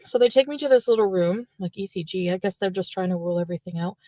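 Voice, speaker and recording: A woman's voice: mid-range voice, fast, warm tone, dry recording. A woman from French Canada telling a long, rambling personal story in a chatty vlog style.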